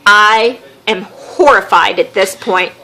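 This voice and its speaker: A woman with a Southern American accent tells a story on her podcast. She talks in a casual, wry way, acting out the people she quotes. Her voice sits in a middle pitch. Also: slow. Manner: animated, wry storyteller who acts out quotes. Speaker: podcast host.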